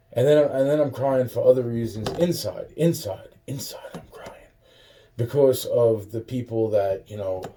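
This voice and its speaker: A man's voice: fairly low pitch, dark tone. A drunk, tired man rambling profanely into a camera in his kitchen, full of restarts and fillers. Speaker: vlogger. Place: home kitchen, indoors.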